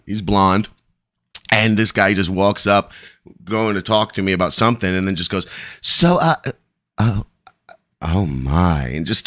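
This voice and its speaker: A man's voice: lowish voice, bright, forceful tone. A man hosting a live stream, telling a long, rambling story full of profanity.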